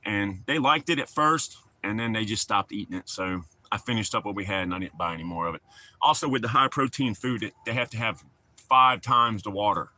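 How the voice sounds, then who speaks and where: A middle-aged man rambles in a folksy way to his livestream chat. His voice is very bright and forward, and the recording is close and dry. He talks in a loose, casual, easygoing manner. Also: fairly low pitch, no echo. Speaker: livestream host.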